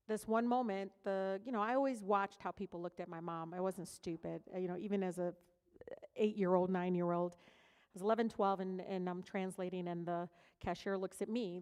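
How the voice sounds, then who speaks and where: A middle-aged woman from Detroit speaks as a keynote speaker, sharing personal stories. Her delivery is candid and conversational, full of fillers and quick asides, at a middle pitch. The sound carries the long reverb of a large hall. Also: a little mellow, clear, resonant tone. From Detroit, USA. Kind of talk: personal storytelling speech.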